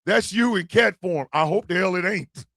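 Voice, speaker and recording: A man hosting a comedic live stream, joking loudly and swinging between shouts and mutters. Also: high voice, moderate pace, no room sound. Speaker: livestream host.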